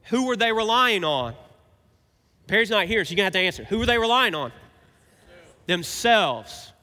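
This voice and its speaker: Bright-voiced preacher in a big echoing hall. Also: male voice, sits high, moderate pace. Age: 30s. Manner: animated preaching, swings from emphatic to quiet. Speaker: pastor. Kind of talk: sermon. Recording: reverberant hall.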